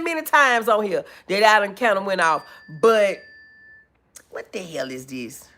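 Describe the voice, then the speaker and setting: A woman's voice: mid-range voice, moderate pace. A woman hosting a casual livestream, chatting with viewers, reading comments aloud, laughing and whooping. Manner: animated, laughing, loud whoops, reads chat aloud. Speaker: livestream host.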